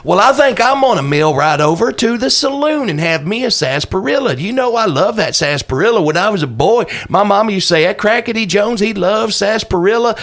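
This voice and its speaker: A man's voice: high voice, lively intonation, fairly quick, hardly any pauses, fairly bright tone. A man voicing a folksy, simple-minded frontier ranger who repeats himself and keeps quoting his mama. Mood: cheerful.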